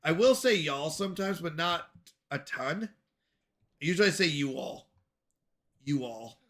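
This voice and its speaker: An American man chats casually on a gaming livestream, drifting from topic to topic as he replies to viewers. His voice sits high and sounds bright and forceful. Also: expressive, moderate pace. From United States. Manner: rambling, answers chat questions aloud. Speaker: streamer.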